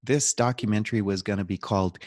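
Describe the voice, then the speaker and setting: A man's voice: lowish voice, fast, no echo, studio quality. A man telling stories as a guest on a podcast, joking and animatedly acting out quotes. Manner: animated storyteller, jokes and laughs, acts out quotes. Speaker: podcast guest, documentary filmmaker. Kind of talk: casual storytelling interview.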